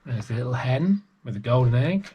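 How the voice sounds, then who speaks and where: Husky-voiced man reading a storybook. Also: medium pitch, lively intonation, dull audio. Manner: gentle and unhurried, with small restarts. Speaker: storyteller for young children. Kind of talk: reading a picture book aloud.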